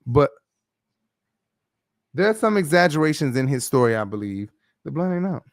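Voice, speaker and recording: A man's voice: fairly high pitch, big pitch swings, moderate pace, no echo, clean studio sound. Blunt, foul-mouthed gossip host, man. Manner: profane, blunt and opinionated. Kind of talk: casual gossip commentary.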